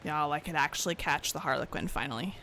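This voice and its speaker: A woman's voice: low voice, fast talker, pushed and bright, slight background noise. A young woman streaming a video game, chatting casually, laughing at herself and talking to herself. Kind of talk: casual gameplay commentary.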